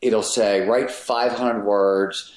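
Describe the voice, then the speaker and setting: Low-voiced man, emphatic and explanatory. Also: fairly even intonation, slow pace. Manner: emphatic, explanatory, drops occasional swear words. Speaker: podcast guest, author. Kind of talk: casual interview talk. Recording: roomy echoey sound.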